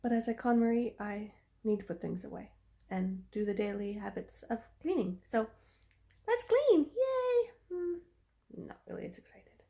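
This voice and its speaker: A woman's voice: mid-range voice, fairly even intonation, normal speed, creaky, mellow, reverberant. A woman chatting casually to viewers while she cleans and tidies her bedroom, self-mocking and talking straight to the camera. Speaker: home cleaning vlogger. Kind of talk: casual vlog narration while tidying. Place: bedroom at home.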